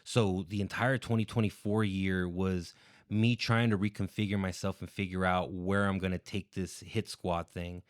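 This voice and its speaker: A man's voice: low voice, little pitch movement, normal speed, smooth, no echo, clean studio sound. A man as a podcast guest, explaining his plans at length in an earnest, casual way with fillers.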